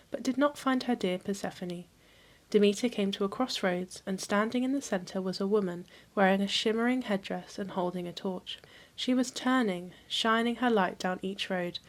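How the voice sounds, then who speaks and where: A woman hosting a history channel, reading a mythology book aloud in a calm, even storytelling manner. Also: medium pitch.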